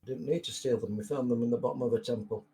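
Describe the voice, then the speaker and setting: A man's voice: medium pitch, fast, mellow. A man playing a tabletop game who answers in a dry, matter-of-fact way. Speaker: player.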